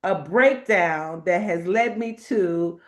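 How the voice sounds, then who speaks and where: A woman hosting a spiritual talk, animated and emphatic, laughing often as she reads inspirational cards. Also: fairly low pitch, takes it slowly. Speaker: host. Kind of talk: spiritual talk and card reading.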